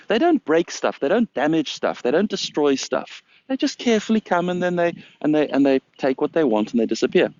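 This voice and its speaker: Animated man telling a story. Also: medium pitch, lo-fi sound. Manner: animated, amused, stumbling restarts. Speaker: storyteller and host. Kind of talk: casual storytelling to camera.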